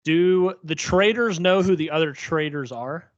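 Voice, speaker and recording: A young man co-hosting a podcast who explains his thoughts in a relaxed way, with many fillers. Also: a little high, a little slow, dry recording, muffled recording. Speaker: podcast co-host. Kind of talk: casual chat.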